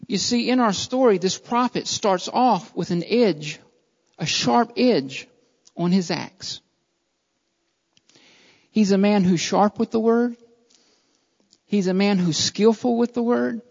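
A preacher delivering a sermon in repeated, building phrases, by turns loud and fervent, then quiet and earnest. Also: mid-range voice, takes it slowly, vocal fry, long pauses, long reverb tail, lo-fi sound.

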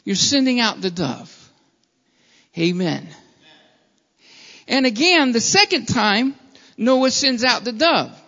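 A man's voice: very high voice, sing-song, takes it slowly, long pauses, sharp tone. A man preaching a sermon in an earnest, repetitive style and often calling his listeners beloved. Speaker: pastor. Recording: dull lo-fi sound with long hall reverb.

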